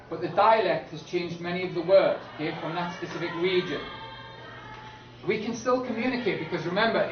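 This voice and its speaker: A male teacher lecturing a class in a slow, emphatic way, often checking in with "okay?". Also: sits high, background noise. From Britain. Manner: repeats "okay?" to check understanding, slow emphatic key words. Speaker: English teacher. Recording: echoey classroom from far off, dull and lo-fi.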